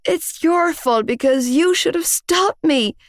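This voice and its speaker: A woman voicing a frantic young woman who wails and shrieks in a high voice. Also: animated, takes it slowly, dry recording, studio quality. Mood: panicked. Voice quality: shrill, wailing. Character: frantic young Irish woman, dramatic and shrill.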